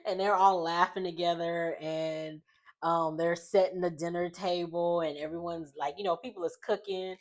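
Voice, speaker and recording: A woman with a low voice casually retells a reality show episode. She rambles, trails off into fillers and laughs a lot as she goes. Her delivery is loose and chatty, like talking to a friend. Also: steady tone, moderate pace. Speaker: reality-show recap vlogger. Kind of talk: casual chat recap.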